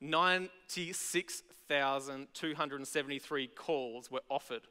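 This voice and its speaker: An Australian man preaching a sermon as pastor, conversational and animated, acting out everyday voices. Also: mid-range voice, measured pace, clear, resonant tone, big-room sound. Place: large church auditorium.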